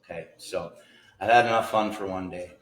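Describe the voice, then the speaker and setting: This is a man's deep, unhurried voice rambling through a homemade vlog. He drifts between earnest reflections and sudden hearty outbursts, folksy and unscripted. The room rings back with echo, and a faint hiss sits under everything. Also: steady tone. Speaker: vlogger. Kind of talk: casual rambling monologue.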